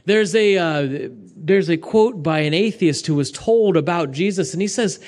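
Young male pastor, slightly high voice, lively conversational sermon delivery with loud and hushed swings. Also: moderate pace, hardly any pauses. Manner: animated, conversational preaching with sudden shifts from loud to hushed.

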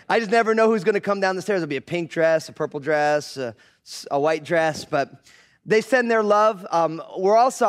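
A man in his thirties from the US East Coast, preaching as a guest pastor in a joking, animated storytelling manner. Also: high-pitched. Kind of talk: sermon.

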